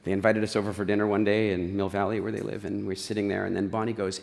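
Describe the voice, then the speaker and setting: A middle-aged man speaks from a stage in a large hall, with a long reverb trailing each phrase. He tells stories with animation and acts out quotes. He also slows down and guides his listeners through relaxation. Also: lowish voice, little pitch movement, creaky, darkish tone. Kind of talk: motivational stage talk.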